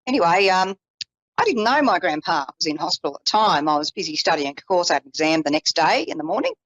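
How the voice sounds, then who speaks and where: A woman psychic telling a personal story in an animated, casual way, with self-deprecating asides, acting out the voices she quotes. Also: on the low side, fast talker, no room sound, highs cut off. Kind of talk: storytelling on a call-in psychic show.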